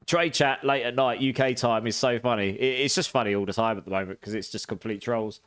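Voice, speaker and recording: A man's voice: mid-range voice, steady tone, brisk, a bit bright, clean tone. A man with a British accent, giving chatty, casual gameplay commentary and laughing often while talking to his chat. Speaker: game streamer.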